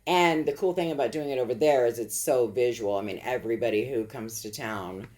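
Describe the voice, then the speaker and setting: A woman hosting a casual chat, upbeat and quick to laugh. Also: extremely low pitch, a little mellow. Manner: chatty, upbeat, laughs easily. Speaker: host.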